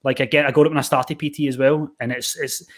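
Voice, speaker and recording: Fast-talking Scottish man. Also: mid-range voice. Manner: rambling, animated storytelling with lots of fillers. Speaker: podcast host, personal trainer. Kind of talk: casual podcast chat.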